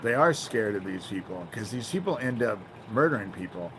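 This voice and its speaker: A man's voice: fairly low pitch, sing-song, a bit bright, a little hiss or hum, poor audio. A man hosting a livestream, ranting angrily and swearing a lot, often tagging his sentences with "you know?". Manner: profane, angry ranting; fills pauses with "you know?". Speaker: livestream host. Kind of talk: livestream monologue.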